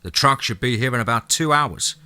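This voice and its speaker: An easygoing, joking working man in an audiobook, played by the male narrator in nearly his own voice. The tone stays bright and relaxed. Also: medium pitch, brisk.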